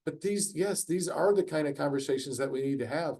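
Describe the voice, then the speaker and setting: A man's voice: a little high, fairly quick, creaky, few pauses, a little mellow. Man leading an online workshop. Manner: conversational, frequent fillers. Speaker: course facilitator.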